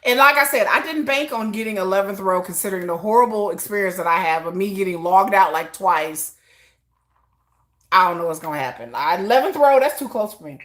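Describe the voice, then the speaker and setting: A woman with a medium-pitched voice, speaking a little fast, hosts a casual livestream chat. She tells animated stories, acts out quotes, and laughs often, though she calls herself a shy introvert.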